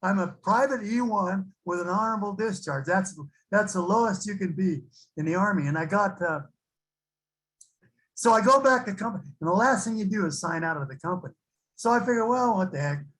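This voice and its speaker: A man's voice: high-pitched, brisk, fairly bright tone, rough recording. An older man sharing his recovery story with a support group, rambling and laughing as he acts out the people in it. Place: online recovery meeting.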